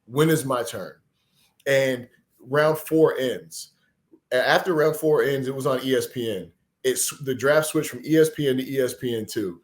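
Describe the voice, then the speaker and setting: A man's voice: medium pitch, moderate pace. Earnest storytelling man from Texas. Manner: animated, earnest, emotional storyteller. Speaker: podcast guest, former pro football player. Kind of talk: conversational storytelling.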